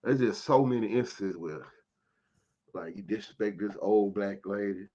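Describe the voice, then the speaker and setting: A man's voice: on the low side, normal speed, dark tone, lo-fi sound. A man ranting in a heated, profane commentary for his vlog, cursing often and stressing his points. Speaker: vlogger commentator.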